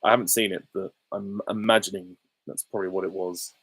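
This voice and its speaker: A man's voice: deep voice, flat delivery, fairly quick, a bit bright, slightly rough, no room sound, low-quality recording. Rambling man on a dry close mic. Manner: rambling, many fillers and restarts. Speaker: YouTube host answering viewer questions. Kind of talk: casual livestream Q&A chat.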